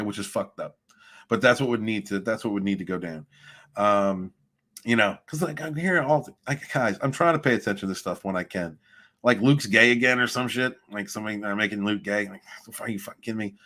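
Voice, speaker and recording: A man hosting a livestream, reading viewer chat and ranting in a rambling, profane way with loud swings of emphasis. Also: on the low side. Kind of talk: casual rant and chat.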